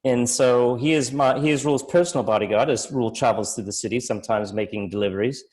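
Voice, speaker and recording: A polite, talkative halfling musician from a tabletop game rambles on with plenty of hesitant fillers, as a man puts him on. His voice sits in an ordinary middle pitch. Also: fast, a little mellow, close to an everyday voice, rough recording. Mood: friendly, chatty. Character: chatty male halfling musician, polite and gossipy.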